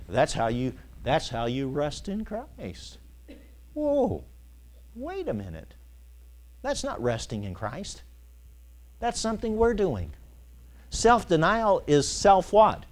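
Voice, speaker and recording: A man preaching a sermon as pastor, asking his congregation to finish his sentences and telling folksy stories with chuckles. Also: fairly high pitch. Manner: call-and-response questions to the congregation.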